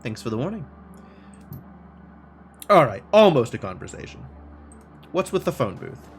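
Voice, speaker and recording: A man streaming a game, reading its text aloud and thinking out loud in a wry, self-mocking way. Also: medium pitch, sing-song, moderate pace, soft background music.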